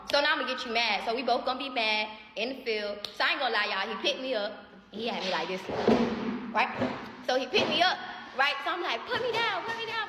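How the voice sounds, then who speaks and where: Bright-voiced young woman telling a story. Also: mid-range voice, slight background noise. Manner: animated, chatty, often addresses viewers as y'all. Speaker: storytime creator. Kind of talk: casual storytime to followers.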